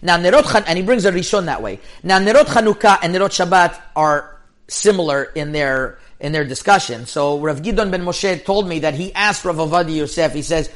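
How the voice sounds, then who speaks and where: A man teaching Jewish law in a Torah lecture. He speaks emphatically in rapid bursts, restarts often, and mixes in Hebrew and yeshiva terms. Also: high-pitched, animated, fairly bright tone.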